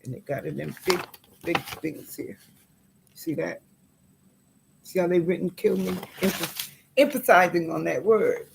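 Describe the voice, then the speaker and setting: A woman's voice: fairly low pitch, animated, unhurried, creaky, long pauses, breathy edge. A woman vlogging to her viewers, reading old letters aloud and reacting with indignation while she sorts through papers. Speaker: YouTuber.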